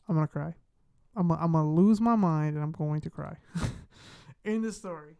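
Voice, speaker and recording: Flustered male streamer, smooth dry voice. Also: fairly high pitch, normal speed, dry recording. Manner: flustered, talks to himself while fiddling with streaming software. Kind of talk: casual live-stream chat.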